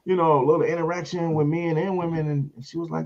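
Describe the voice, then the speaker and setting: A man, a comedian hosting a casual show and telling a story, acting out other people in high voices. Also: fast, creaky, muffled recording. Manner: animated storyteller, acts out voices in high pitch.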